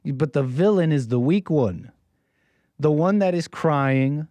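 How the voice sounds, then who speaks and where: A man's voice: a little high, expressive, slow, dark tone, no echo. An American man giving rambling, preachy solo commentary, often repeating his phrases. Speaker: streamer commentator.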